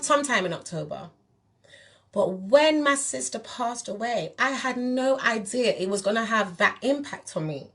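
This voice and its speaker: A woman's voice: medium pitch, fairly bright tone. A woman from England, a spiritual teacher talking candidly and emphatically straight to her viewers. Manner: direct, emphatic, addresses viewers as "you lot". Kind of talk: candid monologue to camera.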